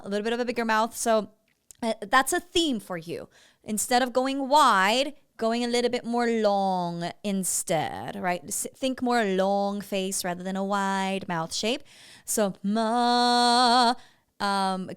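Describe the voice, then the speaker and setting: A woman's voice: on the high side, fairly bright tone, smooth. A woman vocal coach giving feedback on a student's singing, breaking into short sung syllables to demonstrate. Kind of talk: vocal evaluation commentary.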